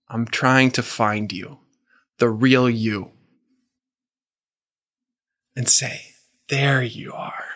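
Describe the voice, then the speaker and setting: A man leads a men's group through a faith talk with an earnest, gentle manner. He reads out the men's responses in a medium-pitched voice, taking quoted words more slowly.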